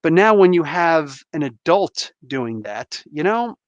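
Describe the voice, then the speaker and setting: Lively, emphatic male host in his forties, dry close sound. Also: fairly high pitch, unhurried, dry recording, lo-fi sound. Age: 40s. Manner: animated, emphatic, acts out voices. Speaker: comic book show host. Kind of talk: opinionated live-stream monologue.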